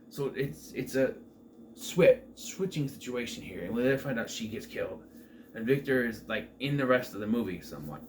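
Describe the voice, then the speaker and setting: Man, casual movie reviewer, rambling, offhand, swears, mid-pitched, animated delivery. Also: a little hiss or hum.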